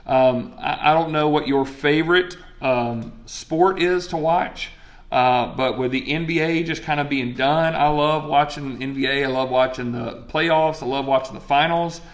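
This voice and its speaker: A man, preaching in a relaxed, chatty way. His voice sits a little high for a man, and he often turns to the crowd with questions. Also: normal speed. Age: 40s. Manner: conversational, asks the crowd questions. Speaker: pastor. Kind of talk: sermon.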